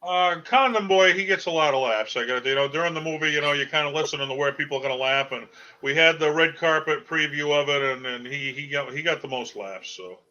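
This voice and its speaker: A man with a Boston accent speaks as a comedian guest in a relaxed interview, loose and jokey, filling gaps with plenty of uhs. His voice is bright and fairly high for a man. The audio sounds dull and lo-fi, like a video call. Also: a little fast. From Boston area. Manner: jokey, rambling with frequent uhs. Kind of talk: casual interview chat.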